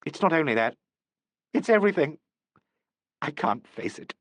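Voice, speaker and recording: A man's voice: a little high, very animated, moderate pace, a bit bright, no echo. A man voicing a distraught young actress, tearful and pleading before a stage performance. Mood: despairing. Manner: tearful, pleading, rising to hysteria.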